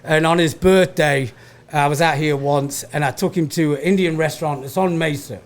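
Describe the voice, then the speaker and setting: A man's voice: fairly high pitch, fairly even intonation, normal speed. Blunt, foul-mouthed Manchester man. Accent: Manchester English. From England. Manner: profane, blunt storytelling. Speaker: comedian guest. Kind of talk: casual podcast chat.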